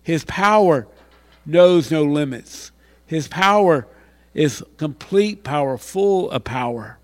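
A man preaching a sermon into a handheld mic in a church hall, dropping to near whispers and then rising to loud exclamations. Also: fairly high pitch, lively intonation, slow. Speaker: pastor.

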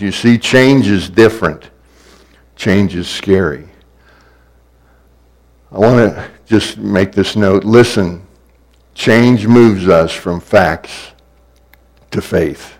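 A man's voice: lowish voice, takes it slowly, pauses often, a little mellow, rough recording. A man preaching a sermon in a repetitive, building cadence that swells in places.

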